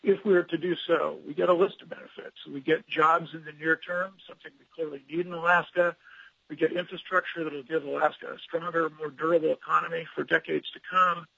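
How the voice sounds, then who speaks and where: A man giving earnest public testimony at a legislative hearing, advocating in a measured way with some hesitations. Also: on the high side, little pitch movement, creaky, bright, forceful tone, slightly rough, no room sound. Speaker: public commenter for a statewide trails nonprofit. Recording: dull lo-fi remote audio line.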